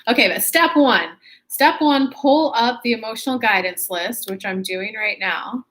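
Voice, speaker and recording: A woman chats upbeat with viewers from her computer during a casual spiritual livestream, laughing and self-correcting as she goes. Her voice is a little high and fairly bright, and she speaks a little slowly.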